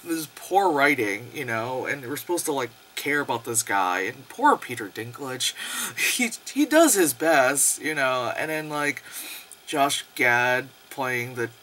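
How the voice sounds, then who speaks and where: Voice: mid-range voice, animated, measured pace, bright, forceful tone, a little hiss or hum. A young adult movie reviewer giving a casual, profane, sarcastic rant and laughing often.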